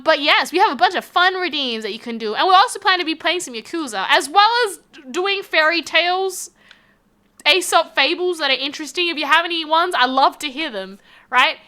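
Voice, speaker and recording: A woman with an Australian accent, chatting casually on a live stream, reading out chat messages with a giggly, animated manner. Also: high voice.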